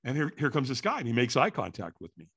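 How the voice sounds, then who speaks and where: A man telling a story in an animated way, acting out the quotes and sounds. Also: medium pitch, quick pace, creaky, husky. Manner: lively, acts out quotes and sounds.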